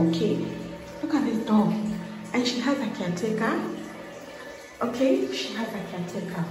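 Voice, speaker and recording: Exasperated Kenyan woman in echoey bathroom. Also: mid-range voice. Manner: exasperated, dramatic complaining, mixing in Swahili. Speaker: vlogger. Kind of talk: casual vlog room tour. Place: small rental room and bathroom, indoors. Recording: very echoey small tiled room.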